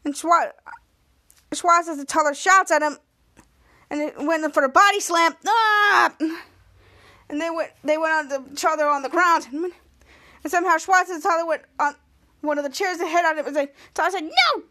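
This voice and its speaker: Podcast host, woman, high-pitched and bright, animated episode recap. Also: brisk. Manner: animated retelling with many restarts, acting out the lines.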